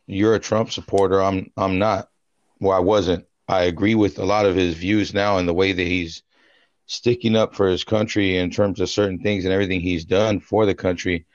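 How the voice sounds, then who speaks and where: A man with a lowish voice, rambling through a story in casual slang-heavy chat, swearing freely. The recording is dry and a little muffled. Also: no room sound. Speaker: podcast co-host.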